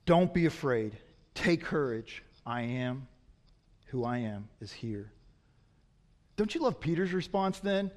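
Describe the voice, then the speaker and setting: A man preaching a sermon as a pastor, swinging from loud emphatic peaks to quiet, low asides. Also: expressive, takes it slowly, pauses often, long reverb tail.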